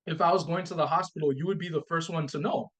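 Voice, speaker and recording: A man's voice: a little high, quick pace. A man guest on a podcast telling a personal story, acting out both sides of the talk and often repeating and restarting his phrases. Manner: animated storytelling, acts out both sides of a dialogue.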